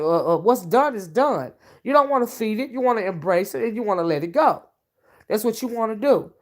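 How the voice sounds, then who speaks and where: A woman hosting a casual livestream from her home, chatting folksily, calling listeners honey and child, and thanking viewers by name. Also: medium pitch. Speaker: self-styled oracle and livestream host. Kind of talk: casual livestream chat, reading viewer comments. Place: at home while cooking dinner.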